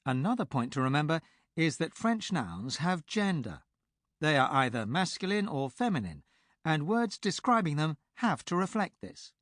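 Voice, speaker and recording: A man's voice: fairly high pitch, no room sound. Guy teaching a lesson in a studio, bouncy up and down voice, super dry sound. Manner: clear, explanatory. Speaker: language tutor. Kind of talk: scripted audiobook instruction.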